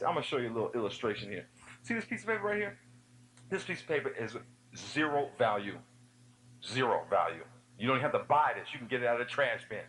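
A man giving an energetic youth sermon, telling funny stories and speaking straight to the audience. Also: mid-range voice, a little hiss or hum, poor audio. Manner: animated storytelling with humor; addresses the audience directly.

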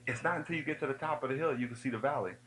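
A man giving an energetic youth sermon, telling funny stories and speaking straight to the audience. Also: medium pitch, rapid-fire, a little hiss or hum, rough recording. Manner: animated storytelling with humor; addresses the audience directly.

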